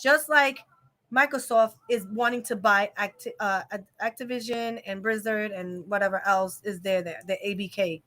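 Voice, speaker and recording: A woman's voice: mid-range voice, steady tone, normal speed, a bit bright. A young adult woman hosting a casual live-stream chat, giving an opinionated, rambling rant full of fillers. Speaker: vlog host.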